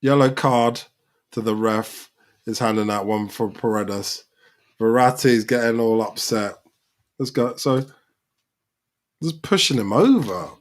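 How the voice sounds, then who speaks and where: A man's voice: medium pitch, measured pace, pauses often. A man hosting a live football reaction, talking over the match and calling out the players. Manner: excitable, shouts at players on screen.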